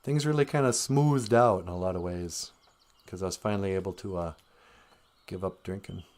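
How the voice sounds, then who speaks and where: A man hosting a casual live-stream podcast, teaching words in an unhurried, musing way and chuckling often. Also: deep voice, a little mellow.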